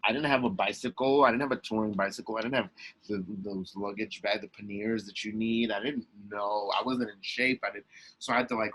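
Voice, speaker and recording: A young man telling a story as a podcast guest, emphatic and lively, with many restarts. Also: on the low side, poor audio. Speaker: guest, actor and comedian. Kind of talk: animated storytelling in a podcast interview.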